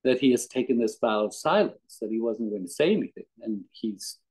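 Man, guest speaker; relaxed anecdotal devotional talk, average pitch. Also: brisk, husky, low-quality recording. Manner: conversational, storytelling, chuckles often.

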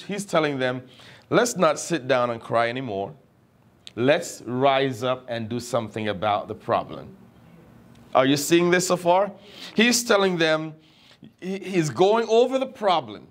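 A middle-aged man preaching in a high voice. He speaks slowly and deliberately, repeating phrases for emphasis as he works through a scripture passage. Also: expressive. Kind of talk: sermon.

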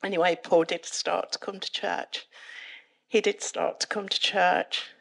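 A middle-aged woman, giving a dramatic, lively personal testimony at a church event. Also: unhurried, vocal fry. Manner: dramatic, lively retelling that climbs in pitch and volume. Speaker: guest speaker giving a testimony. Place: church worship event, live audience.

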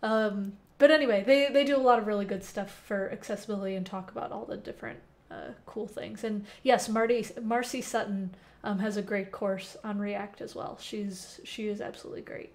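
Hosting an informal live coding stream from a temporary home, a young woman talks a little fast with few pauses and fairly even intonation at a medium pitch. Using a headset mic, she reads chat aloud and responds to questions, leaning heavily on fillers.

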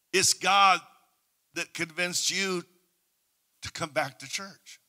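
Bright-voiced Canadian preacher, hushed to shouting. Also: male voice, high voice. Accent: Canadian English. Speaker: pastor. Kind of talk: Pentecostal sermon.

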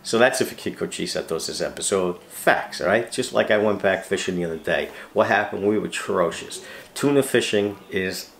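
Deep-voiced man ranting emphatically. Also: normal speed, vocal fry, a bit bright, reverberant. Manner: emphatic, repeats words, asks rhetorical questions. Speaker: retired police officer and fishing channel host. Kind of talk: ranting monologue to camera.

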